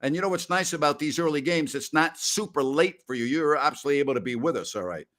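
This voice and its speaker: A man in his sixties hosting a casual post-game show, telling rambling stories loudly with salty language. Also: on the high side, expressive, quick pace. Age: 60s. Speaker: host.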